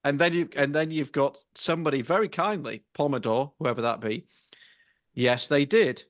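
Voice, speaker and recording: A man's voice: fairly high pitch, fairly quick, a bit bright, no room sound, clean studio sound. A man co-hosting a car podcast, chatting casually in a wry, self-mocking way with frequent restarts.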